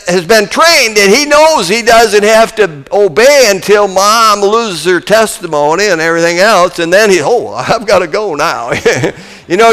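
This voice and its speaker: An older man preaching a folksy sermon, telling stories and swinging between booming and hushed delivery. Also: in a large hall.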